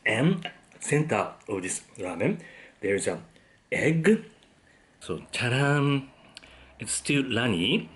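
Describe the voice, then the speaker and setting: In a casual tasting segment, a man running a food vlog eats his dinner and often hums appreciatively. The recording carries a little hiss or hum, and his medium-pitched voice is a bit bright.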